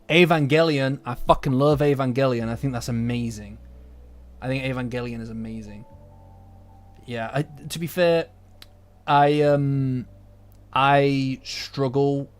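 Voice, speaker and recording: A man's voice: medium pitch, a little hiss or hum. A British man chatting casually to his stream audience, rambling, swearing and getting worked up. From Britain. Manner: rambling, profane, quickly agitated. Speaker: anime commentator. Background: faint lo-fi music.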